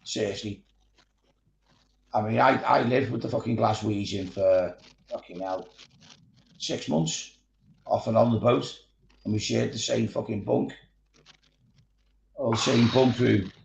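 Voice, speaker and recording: Scouse man, gravelly, sweary casual storyteller, roomy echo. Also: mid-range voice, steady tone, unhurried, long pauses, darkish tone. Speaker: miniature painting streamer. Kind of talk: casual chat.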